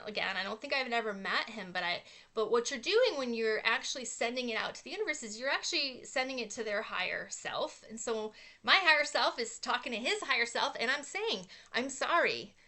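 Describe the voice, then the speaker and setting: Bright-voiced woman host, kinda high, chatty earnest story with lots of ums. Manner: earnest storytelling with fillers, animated when acting out quotes. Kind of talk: casual inspirational talk.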